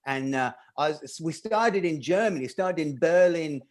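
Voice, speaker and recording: Man, stand-up comedian, slightly high voice, rambling, self-deprecating, laughing at own jokes. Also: expressive, measured pace.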